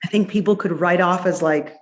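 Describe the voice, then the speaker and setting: Effusive woman doctor, low voice. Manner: effusive, playful, swings between quick and drawn-out phrases. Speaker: guest, a doctor. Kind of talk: casual interview chat.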